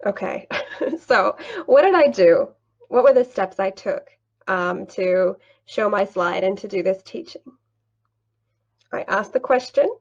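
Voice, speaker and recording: A woman teaching English online, walking through screen sharing and acting out a mock class, patient and unhurried, laughing lightly now and then. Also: mid-range voice, lively intonation, gravelly, muffled recording.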